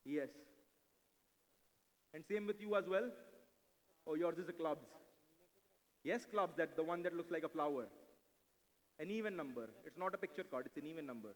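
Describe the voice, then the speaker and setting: Guy doing card tricks on stage, high quick voice, big echoey hall. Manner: brisk and playful, mixing English with Hindi, coaxing volunteers. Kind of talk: live stage mentalism act with audience volunteers. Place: large event hall. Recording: live hall recording with long reverb.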